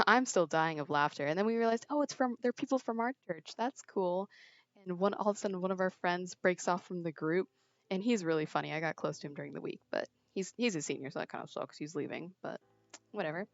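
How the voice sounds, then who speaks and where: A woman's voice: lowish voice, no echo. A teenage girl chatting and telling a rambling story while she plays a game, giggling often, on a small earbud mic. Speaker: streamer. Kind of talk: casual chat while gaming. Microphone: earbud headset mic. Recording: dry, dull lo-fi earbud mic.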